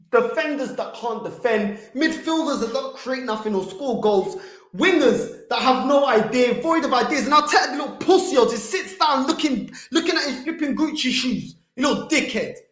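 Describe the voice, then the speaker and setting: A man's voice: very high-pitched, expressive, normal speed, fairly bright tone. A man hosting a football fan channel, delivering a heated livestream rant full of street slang. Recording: echoey room.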